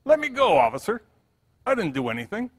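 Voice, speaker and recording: A man voicing a gruff, sarcastic old homeless man who growls and grumbles. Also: mid-range voice, huge pitch swings, normal speed. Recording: church hall reverb.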